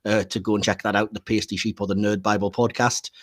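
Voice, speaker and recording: A man's voice: on the low side, level tone, fast talker. A man hosting a casual film podcast, chatting freely, laughing often and trailing off with fillers. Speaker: podcast host.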